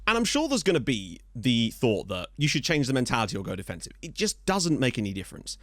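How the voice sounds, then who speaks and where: A man running through a football management game at a quick clip. His pitch leaps up and down as he jokes around and yells when the big moments land. The recording is dry and close, with no room sound. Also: dry recording. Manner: excitable, jokey, shouts at goals. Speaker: gaming YouTuber. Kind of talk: let's play commentary.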